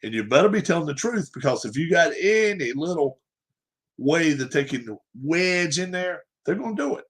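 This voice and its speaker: A man's voice: a little high, lively intonation, moderate pace, fairly bright tone. A man hosting a sports livestream, ranting emphatically, repeating points and firing off rhetorical questions. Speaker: livestream host. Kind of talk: opinionated sports rant.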